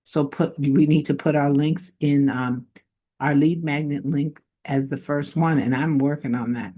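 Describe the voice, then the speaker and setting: A woman's voice: low voice, fairly even intonation, unhurried, warm tone. A woman giving casual online marketing tips to camera, modest and conversational, thinking aloud as she goes.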